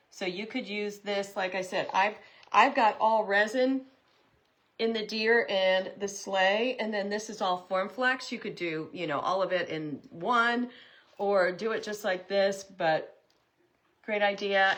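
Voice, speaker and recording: Woman host, mid pitch, chatty and upbeat, talks viewers through a craft project live. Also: a bit bright. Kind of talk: live-stream craft tutorial chat.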